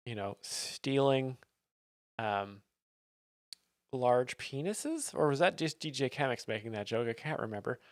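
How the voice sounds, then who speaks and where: A man giving deadpan, mock-serious commentary as a comedy stream host, with plenty of fillers. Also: medium pitch, a little slow, pauses often, no room sound, studio quality.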